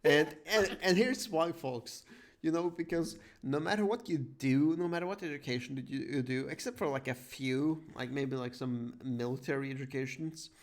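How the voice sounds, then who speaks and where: A man's voice: fairly high pitch, moderate pace. A man hosting a casual podcast chat, ranting emphatically with a lot of swearing. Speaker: podcast host.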